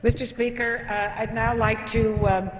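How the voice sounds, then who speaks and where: A woman with a fairly high voice yields floor time, hesitating and filling pauses as she goes. The long reverb of a large chamber surrounds her. The broadcast audio is dull. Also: level tone. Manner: halting, with many fillers. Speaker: congresswoman managing floor time. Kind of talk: formal floor remarks.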